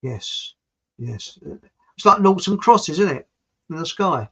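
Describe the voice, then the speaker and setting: A man's voice: a little high, expressive, slow pace, fairly bright tone, breathy edge, poor audio. A man hosting a livestream, chatting in a meandering, rambling way and often repeating himself. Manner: chatty, meandering, repeats words, drifts between topics. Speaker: livestream host reading viewer comments. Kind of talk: rambling casual monologue.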